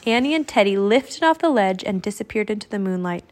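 A woman narrating a children's audiobook with clear, expressive storytelling. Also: medium pitch, fairly quick, few pauses. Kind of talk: audiobook reading.

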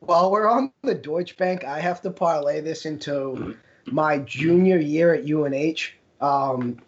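A man's voice: fairly high pitch, unhurried. A young man co-hosting a podcast, telling stories in casual chat with a laugh in his voice. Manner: storytelling, laughs while talking. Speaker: podcast co-host. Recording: dull lo-fi podcast audio.

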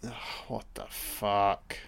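Slow, lowish and creaky but clear and resonant, a man's voice narrates his first viewing of a film. What he offers is a sarcastic solo running commentary, mocking and profane, with deadpan asides.

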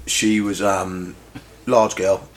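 A man's voice: sits low, flat delivery, very slow. A man, a tattoo shop owner, telling funny shop stories in casual chat and laughing as he quotes people. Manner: laughing anecdotes, quoting others.

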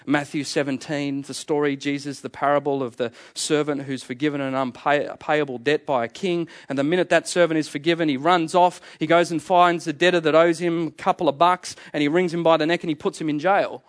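A man's voice: a little high, steady tone, a little fast, hardly any pauses. A middle-aged man preaching a sermon, emphatic and fond of repeating key phrases. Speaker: pastor.

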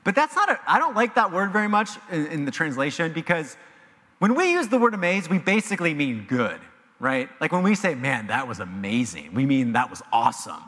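Animated preacher with a bright voice. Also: male voice, a little high, fairly quick. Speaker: pastor. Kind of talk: sermon. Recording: long reverb of a large hall.

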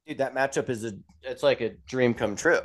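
A young man co-hosting a casual motorsport podcast, animated and quick to swear and laugh. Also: medium pitch. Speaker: podcast co-host. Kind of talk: casual chat.

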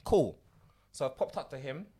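Give me a young man telling a story on a podcast, his pitch swinging up and down. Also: normal speed, slightly rough. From Ivorian family. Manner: animated storytelling, London slang. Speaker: podcast co-host. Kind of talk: casual banter.

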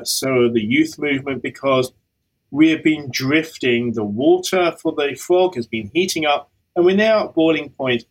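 A man, a climate scientist guest, telling his story in a lively, animated way on a conversational podcast. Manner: animated storytelling, pitch leaping on key phrases.

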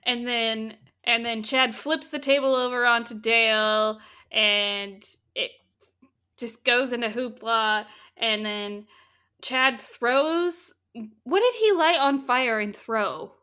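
A woman casually retelling a film's plot as a podcast co-host, lively and swearing freely. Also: fairly high pitch, slow, clear, resonant tone. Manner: animated storytelling, swears freely. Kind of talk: casual chat recapping a film.

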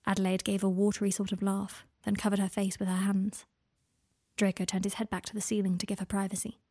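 A woman reads her own story aloud in a hushed, unhurried way. Her voice has a gravelly, breathy texture at a middle pitch. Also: completely flat delivery. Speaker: author and reader. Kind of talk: audiobook narration of her own fiction.

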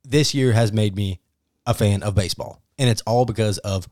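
A man in his thirties co-hosting a casual sports podcast, bantering with animated, profane enthusiasm. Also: lowish voice, moderate pace, no room sound, studio quality. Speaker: podcast co-host.

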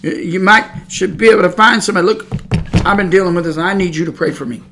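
A woman's voice: fairly low pitch, quick pace, fairly bright tone, a little hiss or hum. Woman, podcast preacher, emphatic, scolding, repetitive. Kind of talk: preaching monologue.

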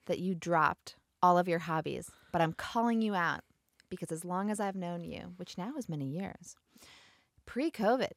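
A woman's voice: lowish voice, animated, moderate pace, no room sound, studio quality. A woman in her thirties hosting a podcast, chatting with a longtime friend and asking her questions in a teasing, friendly way. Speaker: podcast host. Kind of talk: casual interview chat.

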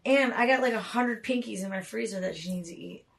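A woman's voice: mid-range voice, a little fast, vocal fry. A woman co-hosting a casual podcast, loose and swearing, yawning and coughing as she talks. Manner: loose, laughing, swears freely. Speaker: podcast co-host. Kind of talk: casual chat. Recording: voice from a distance off the mic.

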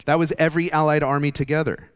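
A man's voice: on the high side, level tone, fast, clear, resonant tone. A man teaching a Bible study in a conversational, explanatory way, with many fillers and restarts.

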